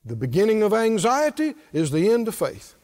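A man preaching a sermon, drawing answers from the congregation and building to shouted lines. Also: high-pitched, huge pitch swings, normal speed. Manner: preaching with call-and-response, rising to shouts. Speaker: pastor.

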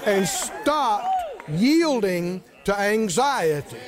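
Man preaching, high voice, swooping pitch, calls and shouts to the congregation. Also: huge pitch swings, extremely slow, crowd noise. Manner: preaching with call-and-response, rising to shouts. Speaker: pastor. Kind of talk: sermon.

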